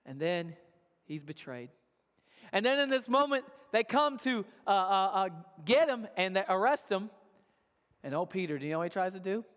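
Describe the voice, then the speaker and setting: A man's voice: sits high, sing-song, normal speed, fairly bright tone, clear, resonant tone. A male pastor telling a sermon story in a casual, conversational way, often checking in with "right?". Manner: conversational, tags lines with "right?". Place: church auditorium. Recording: long church-hall reverb.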